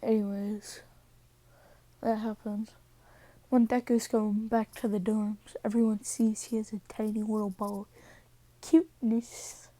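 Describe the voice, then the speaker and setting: A woman's voice: mid-range voice, little pitch movement, measured pace, pauses often, dark tone. A tired woman casually retelling a fan story, rambling with "so" and "yeah" as she goes.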